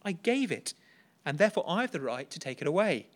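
A preacher voicing God, firm and patient. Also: male voice, fairly high pitch, big pitch swings, fairly quick.

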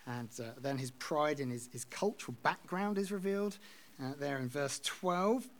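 Man preaching a relaxed sermon. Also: fairly high pitch, normal speed. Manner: conversational, reads scripture aloud and explains it. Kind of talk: expository sermon.

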